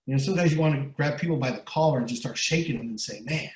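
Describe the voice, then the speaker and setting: A man's voice: mid-range voice, rapid-fire, reverberant, low-quality recording. A middle-aged man speaking as an interview guest. He gives motivational talk, pushes his points hard, repeats words and keeps asking "right?". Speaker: guest speaker and recovery coach.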